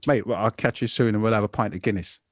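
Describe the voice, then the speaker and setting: A man in his fifties hosting a podcast, chatting casually and telling an animated, rambling story, calling everyone "mate". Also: on the low side, quick pace, no echo, studio quality. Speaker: podcast host.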